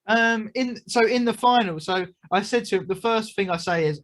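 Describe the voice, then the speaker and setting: A man's voice: sits high, moderate pace, hardly any pauses, fairly bright tone. A young man from the United Kingdom, a magician being interviewed, chatting casually and telling stories with lots of fillers and asides. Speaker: magician guest.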